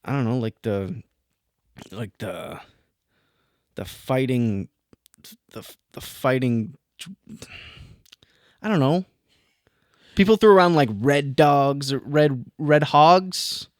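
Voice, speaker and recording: A man's voice: medium pitch, animated, slow pace, long pauses, no room sound, clean studio sound. A young man co-hosting a podcast, joking around in casual chat. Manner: jokey, slips into a loud put-on frat-boy voice. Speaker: podcast co-host. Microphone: headphones and studio mic.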